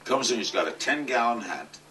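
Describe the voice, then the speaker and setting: An older man giving a comic, anecdotal speech at a charity event, delivering punchlines with deadpan timing. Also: medium pitch, fairly quick, crowd noise. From New York. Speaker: guest speaker at a charity event. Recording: distant mic with faint noise.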